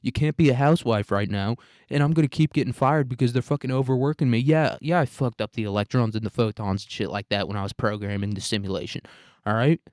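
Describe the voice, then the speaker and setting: A man's voice: mid-range voice, fast talker, darkish tone, no echo, clean studio sound, close to an everyday voice. A man voicing an overworked male alien programmer who pleads in a frantic, whiny way and says "dude" constantly.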